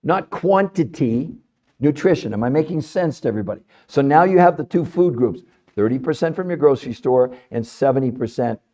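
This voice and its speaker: Male podcast host, fired-up and emphatic, mellow darker tone, slightly dull lo-fi recording. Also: mid-range voice, brisk. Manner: animated, emphatic, fond of rhetorical questions. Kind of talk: impassioned health talk to an audience.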